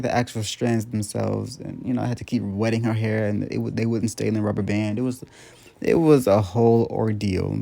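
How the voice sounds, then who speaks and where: A man's voice: mid-range voice, creaky, mellow. A young man in casual voice-over, rambling chattily through a doll restyle with lots of ums and likes.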